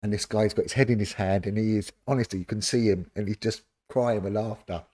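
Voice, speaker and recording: London guy, middle-aged, low mellow voice, spinning old cop stories and doing the voices. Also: brisk. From London, England. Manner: animated anecdotes, acting out quoted voices. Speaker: former police detective, podcast guest. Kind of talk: casual storytelling interview.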